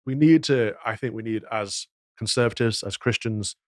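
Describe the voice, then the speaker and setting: A man's voice: on the low side, normal speed, dry recording. A man giving indignant, moralizing commentary on news clips, full of rhetorical questions. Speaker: podcast commentator.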